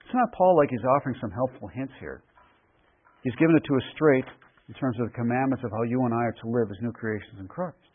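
A man preaching a verse-by-verse sermon in an emphatic, deliberate way, repeating key phrases for weight. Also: mid-range voice, breathy edge. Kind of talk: expository sermon. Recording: phone-like radio broadcast.

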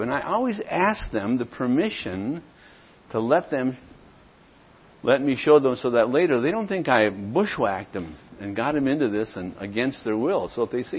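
A man's voice: mid-range voice, sing-song, normal speed, slightly rough, lo-fi sound. A man teaching a church class on sharing the gospel, plainspoken and acting out both sides of sample conversations. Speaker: church evangelism trainer.

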